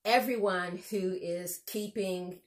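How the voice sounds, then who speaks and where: A woman's voice: fairly low pitch, fairly even intonation, takes it slowly. Chatty, exuberant woman cooking on camera. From United States. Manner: chatty, exuberant, laughs often. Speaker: cooking show host. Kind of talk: casual cooking demonstration.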